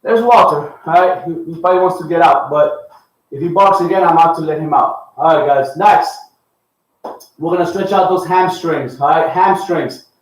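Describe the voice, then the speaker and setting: A fitness coach leading a live workout, counting reps aloud and giving upbeat cues. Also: male voice, on the high side, steady tone, moderate pace. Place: home workout space with a dog. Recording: echoey room, far from the mic.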